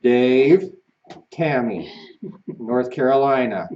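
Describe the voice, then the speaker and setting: A man's voice: mid-range voice, expressive, slow pace. A man co-hosting a casual live stream from a home studio, teasing and self-deprecating as he chats. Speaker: co-host of a ranch live stream. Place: seated on a small love seat in a home studio. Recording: dull, distant mic.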